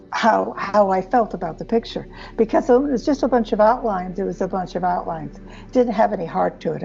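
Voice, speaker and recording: Woman, gravelly voice, mellow tone, slow and expressive, spiritual chat, dull lo-fi sound, faint music behind. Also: mid-range voice. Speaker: spiritual channeler and host. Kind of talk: casual spiritual conversation.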